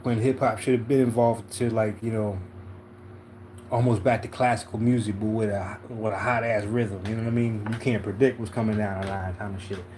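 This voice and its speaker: A man's voice: on the low side, steady tone, a little fast, darkish tone, slight background noise. A man from Philadelphia hosting a casual livestream tarot reading, laid-back and slangy, often checking in with "you know what I'm saying". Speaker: tarot reader, livestream host.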